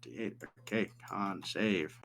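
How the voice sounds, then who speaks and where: A male game master narrating a tabletop game in an easygoing, casual way. His voice sits somewhat low. He describes the scene steadily for the players. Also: slow, vocal fry, a bit bright.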